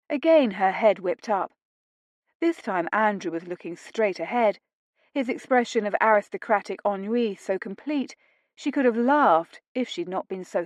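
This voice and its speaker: A woman's voice: mid-range voice, darkish tone, no echo. Woman narrating a romance audiobook, dry. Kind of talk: scripted narration.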